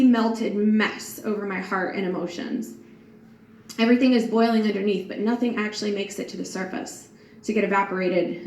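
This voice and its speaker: A woman in her thirties, a grieving mother, reading a personal prayer journal aloud in a soft, earnest and reflective way. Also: medium pitch. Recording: echoey room with faint background hiss.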